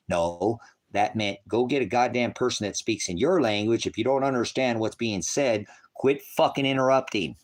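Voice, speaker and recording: A man preaching on a livestream, profane and mocking, reads out viewer comments and argues with them. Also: moderate pace. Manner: mocks others in shrill put-on voices. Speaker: online preacher. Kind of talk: livestream preaching, reading chat.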